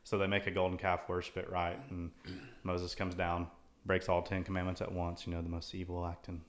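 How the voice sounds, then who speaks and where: A man's voice: low-pitched, monotone, a little fast. A man co-hosting a casual Christian talk show, thoughtfully quoting and explaining scripture at length. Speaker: co-host. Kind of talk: casual Bible discussion.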